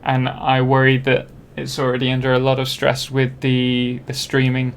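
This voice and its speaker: A man's voice: medium pitch, completely flat delivery, moderate pace, slight background noise. Chatty young man streaming a game. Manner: rambling, chatty, self-deprecating, many ums and restarts. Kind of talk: casual live-stream chat while playing.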